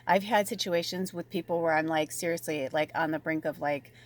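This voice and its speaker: A woman giving a casual spiritual tarot reading, chatty and animated, swearing freely and dropping at times to a soft near-whisper. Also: deep voice, brisk. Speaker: tarot reader and medium.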